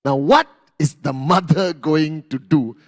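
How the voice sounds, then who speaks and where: A man giving a motivational talk to an audience, telling animated stories, acting out scenes and asking the crowd questions. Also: on the high side, unhurried. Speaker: motivational speaker.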